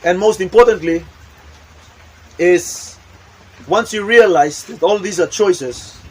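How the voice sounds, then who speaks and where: A man's voice: sits high, takes it slowly, slight background noise, low-quality recording. A man giving a motivational talk, emphatic and repetitive, acting out examples as he goes. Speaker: motivational speaker. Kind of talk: motivational talk with acted demonstrations.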